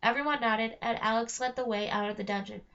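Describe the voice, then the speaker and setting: A woman reading a novel aloud in a steady storytelling manner, slowing on key phrases. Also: on the high side. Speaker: reader. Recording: dull lo-fi recording.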